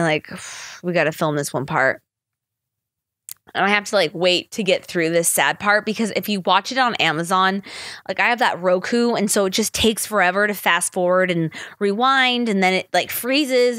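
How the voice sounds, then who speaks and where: A woman's voice: medium pitch, fairly bright tone, no room sound, studio quality. A woman hosting a podcast in a casual, rambling chat, often breaking into laughter. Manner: rambling, chatty, laughs easily. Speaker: podcast host.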